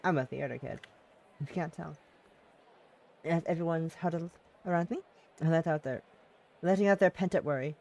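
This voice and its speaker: A streamer reads a visual novel aloud and chats, trying character voices, mocking themself and laughing a lot. The voice is mid-range and darkish, at a moderate pace.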